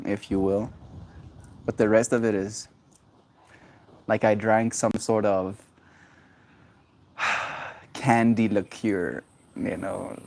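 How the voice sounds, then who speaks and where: A man hosting his own daily stream, high and rambling in a casual, halting way with many restarts. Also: darkish tone. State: high on cannabis. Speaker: livestream host. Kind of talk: casual solo stream chat.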